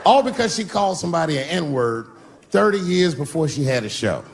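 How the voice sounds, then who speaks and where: Guy in his 50s doing standup, jumps from loud bursts to low mutters, noisy live crowd. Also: animated, brisk. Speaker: stand-up comedian. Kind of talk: stand-up routine. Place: stage before a live audience. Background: audience laughter.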